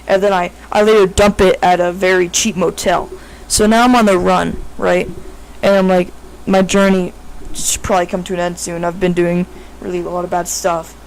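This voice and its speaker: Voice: medium pitch, poor audio. A casual storyteller making up a tale on the spot, the talk loose and rambling. Fillers pile up and sentences restart as the speaker corrects themselves mid-thought. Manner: rambling, filler-heavy, frequent self-corrections.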